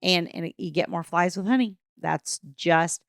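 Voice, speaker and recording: A woman's voice: on the low side, a little slow, vocal fry, no room sound, clean studio sound. A woman coaching parents through divorce, talking casually and acting out what people might say. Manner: casual, conversational, acts out quoted dialogue. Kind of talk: advice talk to camera.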